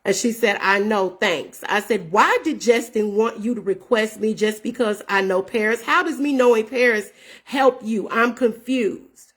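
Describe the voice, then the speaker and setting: A woman in her fifties hosts her own show, her slightly high, husky voice unhurried. She earnestly and casually tells viewers a story, calling them y'all, and reads out messages.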